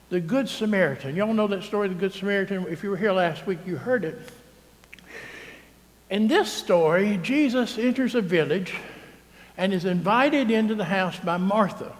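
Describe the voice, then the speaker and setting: A male priest preaches in a chatty, teasing manner and keeps checking in with the congregation. His voice sits fairly high. It rings with the long reverb of a church. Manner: conversational, teasing, keeps asking "right?". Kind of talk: sermon. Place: church sanctuary.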